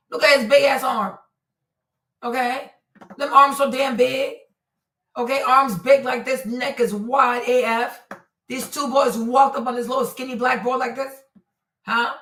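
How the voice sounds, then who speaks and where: A woman hosting a commentary show, talking emphatically with lots of repetition and exclamation, her voice going hoarse. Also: a little high, fairly bright tone. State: losing her voice. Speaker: host. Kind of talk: commentary on a criminal case. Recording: echoey room, far from mic.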